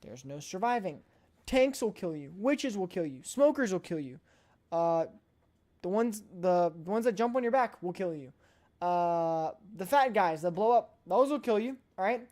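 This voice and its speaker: A woman's voice: medium pitch, expressive, normal speed, darkish tone. A woman streamer chatting casually on a live stream, emphatic and playfully blunt, often repeating her points.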